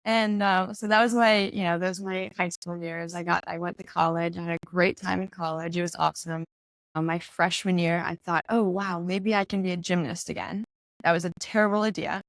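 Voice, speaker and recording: Chatty young woman with a gravelly low voice. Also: steady tone, a little fast, dry recording. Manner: chatty, laughs often, acts out quotes. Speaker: guest. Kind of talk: casual interview conversation.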